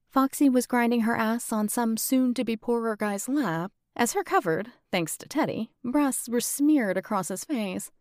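A woman narrating a first-person audiobook in a steady, matter-of-fact way. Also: medium pitch, no echo, studio quality.

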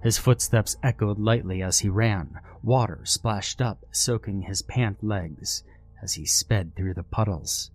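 Slow low-voiced horror narrator man. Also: soft background music.

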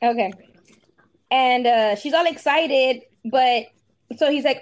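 A woman's voice: fairly high pitch, normal speed. A woman co-hosting a podcast in casual chat, telling a story and acting out the quotes. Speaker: podcast co-host.

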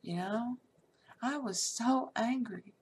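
A woman's voice: fairly high pitch, takes it slowly, slight background noise. A middle-aged woman, candidly telling a personal life story in a casual, salty way, full of fillers.

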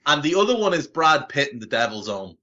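A man's voice: fairly high pitch, very animated, a little fast, sharp tone, dull audio. A man co-hosting a podcast in casual, enthusiastic chat, often repeating himself. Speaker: podcast co-host.

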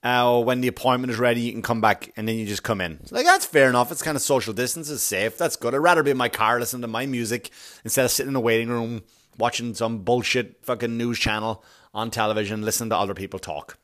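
A man's voice: mid-range voice, fast talker, fairly bright tone. A man, a father, hosting a podcast and ranting alone in a sarcastic, exasperated way, swearing constantly. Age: adult father. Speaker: podcast host. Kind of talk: profane ranting monologue.

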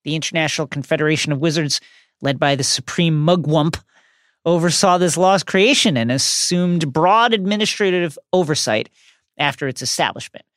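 A man co-hosting a podcast, reading prepared notes in a measured, explanatory way with playful asides. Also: a little high, fairly bright tone, dry recording, studio quality. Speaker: podcast co-host.

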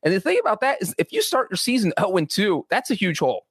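A man's voice: sits high, huge pitch swings, fast talker, fairly bright tone, husky, no room sound. A man co-hosting a sports podcast, talking through his views in a chatty way with frequent restarts. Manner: chatty, many restarts and asides. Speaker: sports writer and podcast co-host. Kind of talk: casual podcast analysis.

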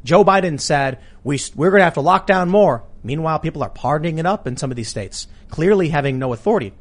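A man hosting a talk show, arguing politics in a casual, animated way. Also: a little high. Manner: animated, argumentative, quick asides. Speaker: podcast host.

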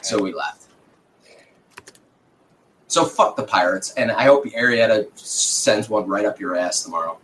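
A man's voice: lowish voice, expressive, unhurried, pauses often, a bit bright, poor audio. Profane man telling a story. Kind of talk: casual storytelling chat.

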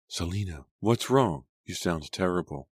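A worried teenage girl talks softly and dryly, scolding a friend, as a man reads her part in a storybook. The voice stays very deep, close and dry. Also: expressive, a little slow, breathy edge, dry recording, full character voice. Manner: soft and low, scolding.

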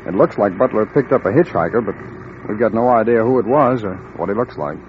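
An actor playing a brisk, matter-of-fact federal agent in a 1950s radio drama. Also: male voice, fairly low pitch, lively intonation, slight background noise, natural voice. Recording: lo-fi old radio recording.

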